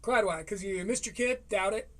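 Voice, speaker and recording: A man's voice: high voice, normal speed. A man hosting a live stream, reacting to a comedy special with sarcastic, profane commentary. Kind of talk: casual commentary.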